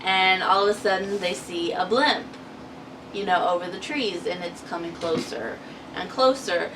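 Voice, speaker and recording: A woman's voice: on the low side, normal speed. A woman co-hosting a casual TV recap, chatty and giggly, acting out quotes as she tells the story. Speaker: co-host of a TV recap channel. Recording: distant mic with noisy background.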